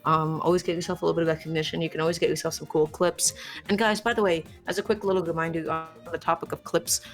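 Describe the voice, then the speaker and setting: A young woman calls a fighting-game match live, playful and quick to joke, her excitement spilling over at big moments. Her voice sits a little low for a woman, and soft music runs faintly behind her. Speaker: esports commentator. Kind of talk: live esports commentary.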